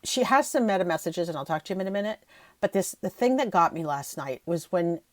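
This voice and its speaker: Middle-aged female podcast host, heartfelt and rambling, lowish voice, dry booth sound. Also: animated, a little fast, no room sound. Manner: emotional, gushing, voice catching near tears; rambling with frequent restarts. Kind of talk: emotional solo podcast talk.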